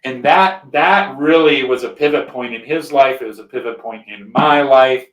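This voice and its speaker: A man's voice: mid-range voice, normal speed, fairly bright tone, far from the mic. A male podcast host telling a personal story in casual conversation, rambling a bit and often checking in with "right?". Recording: roomy echo.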